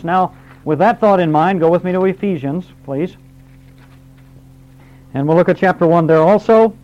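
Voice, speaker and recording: High-voiced man teaching a Bible class. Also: darkish tone. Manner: explains verse by verse, reads scripture aloud, quizzes the class. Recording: dull lo-fi recording.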